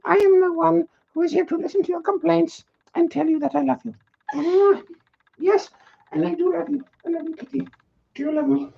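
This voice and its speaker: A woman's voice: very high-pitched, a little fast, gravelly, voice pushed up, full character voice. A woman voicing her pet cat as a doting office HR rep, cooing and gushing in baby talk, on a dull lo-fi home recording. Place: apartment.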